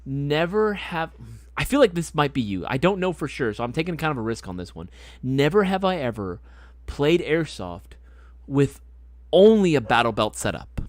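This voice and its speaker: Animated, swearing man telling stories. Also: a little high, normal speed, no echo. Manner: animated storyteller, swears freely, laughs often. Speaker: host. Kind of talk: casual chat on a live stream.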